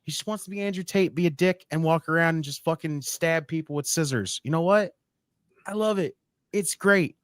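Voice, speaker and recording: A man co-hosting a casual wrestling podcast, excitable and profane, repeating himself for emphasis. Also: fairly high pitch, normal speed, no echo, clean studio sound. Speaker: podcast co-host.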